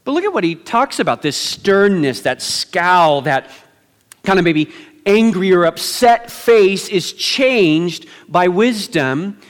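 A middle-aged man preaching as pastor, praying in a hushed, slow voice, then talking conversationally with self-deprecating humor. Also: sits high, animated. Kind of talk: sermon. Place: church sanctuary. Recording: long hall reverb.

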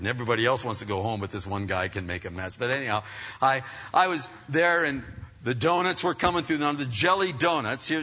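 A middle-aged man preaching through a personal story, rambling and animated with many restarts. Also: lowish voice. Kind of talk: sermon storytelling. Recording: dull, echoey hall sound.

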